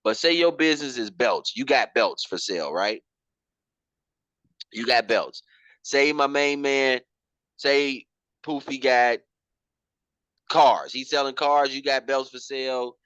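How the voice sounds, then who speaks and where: A man's voice: medium pitch, slow pace, long pauses, a bit bright, clean tone, no echo, poor audio. A man teaching finances in casual slang, often repeating himself and calling his listener "bro". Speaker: program instructor.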